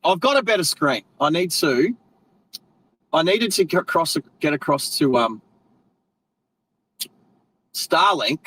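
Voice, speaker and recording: On a roughly recorded live stream, an Australian man chats while driving in a slightly high, fairly bright voice. His talk is rambling and friendly, full of slang, with frequent mid-sentence corrections.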